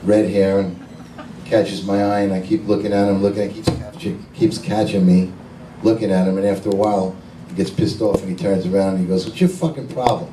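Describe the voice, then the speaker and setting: A man doing stand-up, telling jokes in a dry, deadpan way and laughing at his own punchlines. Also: deep voice, brisk. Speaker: stand-up comedian. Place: lounge club stage. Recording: echoey club from far off, noisy.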